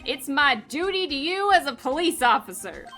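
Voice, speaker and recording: Woman doing a hearty game cop, light Texan drawl, loud, bright. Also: high-pitched, big pitch swings, normal speed, soft background music, heavily acted. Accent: light put-on Texan drawl. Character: brash friendly male police detective.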